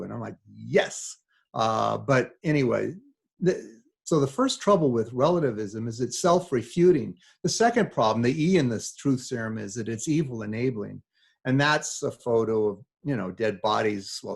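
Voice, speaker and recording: A man's voice: medium pitch, vocal fry, slightly rough. An older man giving a talk to students, telling stories with quoted dialogue in a conversational, emphatic way. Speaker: speaker at a talk. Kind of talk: lecture to students.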